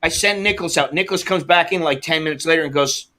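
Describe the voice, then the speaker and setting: A man's voice: fairly high pitch, fast talker, pushed and bright, slight background noise. A man hosting a livestream, telling a frustrating delivery story and reading comments, swearing and acting out both sides of the calls. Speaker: livestream host.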